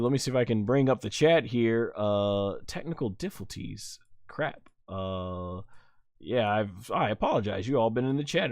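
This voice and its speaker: A man's voice: medium pitch, no echo, studio quality. A man hosting a casual live stream, rambling and flustered. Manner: rambling and flustered, many fillers and restarts. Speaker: live stream host reviewing wrestling.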